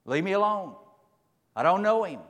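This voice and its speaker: A panicked man shouting denials, his pitch jumping high and his voice straining, as a preacher acts him out in a long echoing hall. The speech is emphatic and frantic. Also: animated, a little fast. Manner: frantic, emphatic, rising to a yell. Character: panicked man denying he knows someone, shouting.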